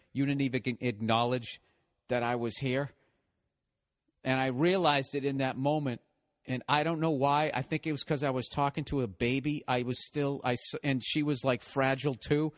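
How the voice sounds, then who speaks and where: Recorded dry in a clean studio, a fairly high-pitched middle-aged male podcast host spins a rambling story that pokes fun at himself. It's packed with profanity, and he laughs his way through it.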